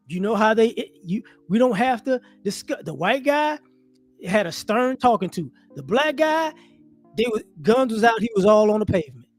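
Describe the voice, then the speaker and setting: A man giving casual monologue commentary as an online commentator, animated and rhetorical, often restarting his sentences. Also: very high voice, normal speed, no echo, soft background music.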